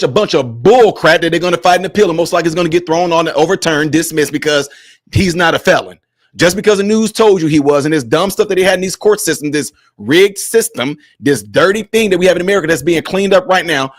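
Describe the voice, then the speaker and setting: Guy doing a commentary vlog, firing off mocking questions, kinda high voice. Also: no room sound, studio quality. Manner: mocking, scolding, rapid rhetorical questions. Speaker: host of a commentary channel.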